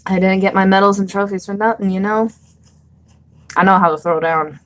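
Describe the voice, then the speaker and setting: A woman's voice: medium pitch, fairly even intonation, fairly quick. A young woman hosting a casual live stream, chatting bluntly with viewers, swearing freely and laughing often.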